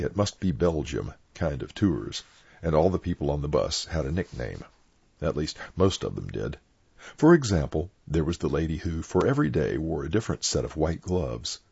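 An older man, a clergyman, reading his own personal anecdotes aloud in a plain, unhurried storytelling manner. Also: a bass voice, gravelly, darkish tone, breathy edge, dry recording. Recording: dull lo-fi dry recording.

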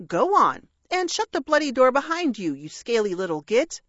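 A woman's voice: high voice, sing-song, normal speed, a bit bright, dry recording, highs cut off, voice pushed up, heavily acted. A woman voicing a rude, foul-mouthed male pet parrot who snaps and bawls orders in an audiobook reading. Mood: shrieking, scolding. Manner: snappish, bawling, cursing.

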